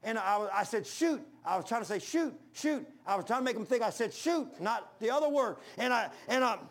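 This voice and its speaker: A man with a high voice preaches a sermon in a folksy, storytelling way. He peppers his talk with "man" and swings from loud, high bursts down to low murmurs. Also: vocal fry. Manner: storytelling with quick shifts between loud highs and low murmurs; folksy, says "man" often.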